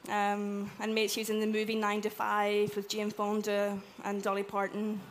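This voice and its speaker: A woman with an Irish accent giving a chatty, animated talk to a live audience, acting out little quotes as she goes. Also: mid-range voice, normal speed, a little hiss or hum. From Ireland. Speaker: conference speaker. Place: event room with an audience.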